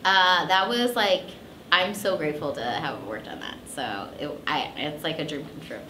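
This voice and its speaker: A woman's voice: sits low, normal speed, sharp tone, a little hiss or hum. A woman voice actress being interviewed, telling stories casually with lots of fillers and laughing asides. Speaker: voice actress guest. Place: convention interview room. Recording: echoey room.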